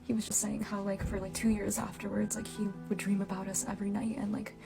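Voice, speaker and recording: A woman's voice: mid-range voice, little pitch movement, fast talker, gravelly, over music, low-quality recording. A woman, recounting her own story casually and filling her talk with "like.". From Japan and the United States. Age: 20s. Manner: chatty, heavy use of "like" fillers. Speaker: reunion storyteller.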